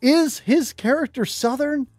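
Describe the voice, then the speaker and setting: A man on a podcast with a high voice, chatting casually and cracking jokes. He teases the others and plays things for laughs. The recording is dry and close. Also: unhurried, a little mellow, no room sound. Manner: joking, teasing. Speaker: podcast co-host. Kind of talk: casual chat.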